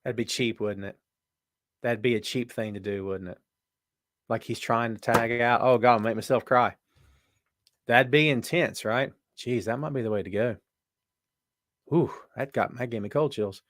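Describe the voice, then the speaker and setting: A podcast host runs a casual live show, chatting and joking while reading viewer comments aloud. His voice is medium-pitched and fairly bright, at normal speed with frequent pauses.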